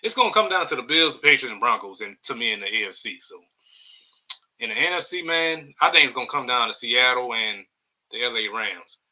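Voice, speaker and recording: New man, podcast host, loose rambling chat, very bright tone. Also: mid-range voice, animated, brisk, muffled recording. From New Orleans area. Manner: loose, rambling, reads chat comments aloud. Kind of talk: casual live-stream sports chat.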